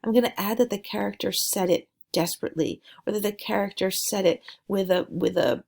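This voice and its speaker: A woman teaching a writing lesson, speaking slowly and deliberately in an encouraging way. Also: medium pitch, steady tone, gravelly, darkish tone. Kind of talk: recorded classroom lesson.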